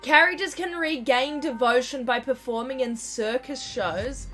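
A woman's voice: high voice, a little slow, fairly bright tone, faint music behind. A woman hosting a game livestream, chatting casually and laughing often as she plays. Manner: giggly, chatty. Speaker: livestream host. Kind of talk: casual chat over gameplay.

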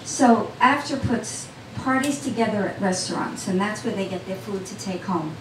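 A woman's voice: mid-range voice, moderate pace, slight background noise. Storyteller woman, chatty with the crowd, heard from far off in an echoey cafe with faint chatter. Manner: chatty, talks straight to the audience. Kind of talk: personal storytelling to a live audience. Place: small cafe event. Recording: roomy sound from a distant mic.

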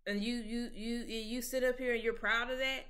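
A young woman hosting a casual commentary chat, outspoken and animated, often stammering and restarting with plenty of slang. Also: fairly high pitch, normal speed. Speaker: podcast host.

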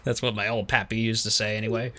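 A hearty old fisherman with a folksy sea-dog drawl, as a man puts him on while reading game dialogue. The voice sits a bit higher and louder than his usual low talk. A steady hiss of background noise and soft clicks run behind it. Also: quick pace. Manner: hearty, folksy sea-dog patter with a vague put-on accent. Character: weathered old male fisherman, jolly and folksy.

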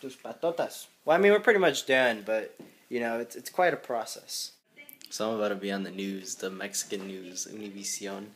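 A man's voice: on the low side, moderate pace. A young man and father talking casually to his camera at home in a loose, chatty way, swearing freely. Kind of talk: casual vlog chat to camera.

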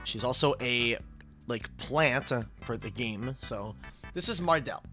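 A young man hosting a casual stream chat, excitable and quick to shout and swear when hyped. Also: medium pitch. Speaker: streamer host. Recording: game music in the background.

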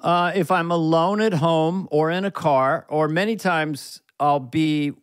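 A man in his sixties chats on a podcast in a somewhat high voice, recorded dry and close. He tells animated stories and slips into impressions now and then. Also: a little slow, smooth, no echo. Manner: animated storyteller, slipping into impressions. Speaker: comedian guest. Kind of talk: casual podcast chat.

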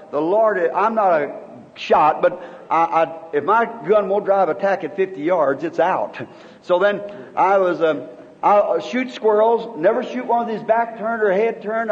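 A very high-pitched man in his fifties preaches with earnest, halting storytelling that often restarts its sentences. The sound is a dull old sermon tape, and the voice carries a long reverb from the hall. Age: 50s.

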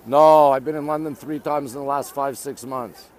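A Canadian man livestreams from his phone on monument steps in a busy city, greeting viewers and reading out their comments in chatty bits. His medium-pitched voice is a little mellow, with fairly even intonation and a moderate pace, and there's a little hiss or hum.

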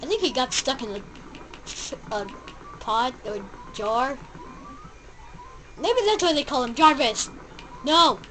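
A woman giving casual gameplay commentary, excitable, yelping at the game and babbling silly sound effects. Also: high voice, a little slow, long pauses, soft background music, rough recording. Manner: excitable, yelps and shouts at the game. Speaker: let's play gamer.

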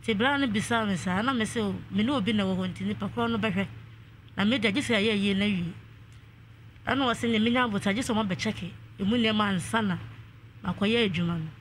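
A woman calls in to a radio show and narrates a long family dispute at length, quoting what other people said. Her voice is medium-pitched and quick, with a little hiss or hum on the line.

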